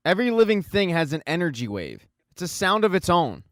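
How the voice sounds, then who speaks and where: A man reading out the lines of a pushy young man with strange powers, only slightly lowering his voice. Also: big pitch swings, fairly quick, a bit bright, no room sound, studio quality.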